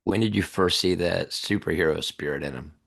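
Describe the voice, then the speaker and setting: Podcast host. Very deep, raspy, and gravelly, asks slow, gentle questions.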